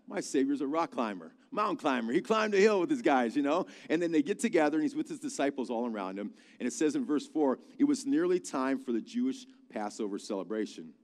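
Pastor preaching in an echoing hall. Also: male voice, medium pitch. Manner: conversational, animated storytelling with asides. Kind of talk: sermon. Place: large church hall. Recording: reverberant hall.

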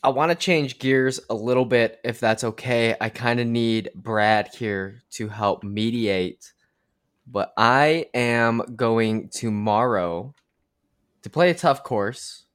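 A young man with a mid-pitched voice co-hosts a casual podcast. He talks slowly and in a laid-back way, and he hedges as he brings up a new subject. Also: fairly bright tone, clear, resonant tone. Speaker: podcast co-host.

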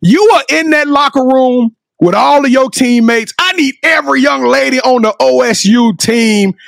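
A man co-hosting a sports podcast with a Louisiana accent, hyping the audience with loud, preachy energy and frequent shouting. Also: very high voice, moderate pace, creaky, no echo, clean studio sound. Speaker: podcast co-host. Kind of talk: hyped podcast chat.

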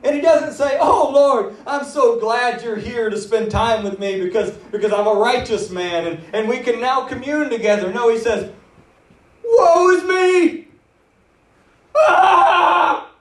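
A man preaching a sermon in an animated, dramatic way, acting out the quoted words. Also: very high voice, moderate pace, few pauses. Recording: roomy, voice from a distance.

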